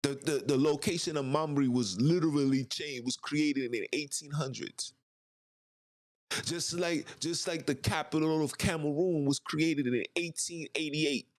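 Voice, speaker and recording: A man's voice: on the high side, measured pace. A man hosting a podcast, delivering an emphatic, ranting monologue full of rhetorical questions. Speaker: podcast host. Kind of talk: impassioned monologue.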